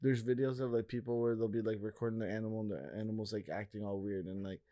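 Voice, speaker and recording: A man's voice: fairly low pitch, steady tone, fast talker, mellow, no echo. Rambling young man, dry close sound. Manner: rambling, lots of "like" fillers. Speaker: podcast co-host. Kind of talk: casual chat.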